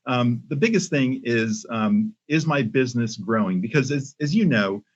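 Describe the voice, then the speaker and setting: Older ceo guy on a podcast, husky voice, talks slow with lots of ums, sound kinda muffled. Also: mid-range voice. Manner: measured, many ums and restarts. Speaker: podcast guest, company CEO. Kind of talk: casual interview talk. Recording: muffled lo-fi audio.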